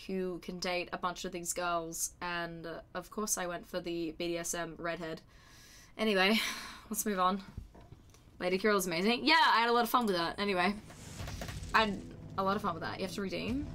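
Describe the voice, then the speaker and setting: A woman streaming live, chatting casually with her viewers, excitable and quick to swear, with a desk mic. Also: fairly low pitch. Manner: chatty and excitable, swears freely, shrieks when surprised.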